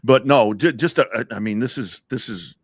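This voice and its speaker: A man's voice: medium pitch, normal speed, husky, no echo, studio quality. A man co-hosting a sports talk show, trading casual, teasing banter with his partner.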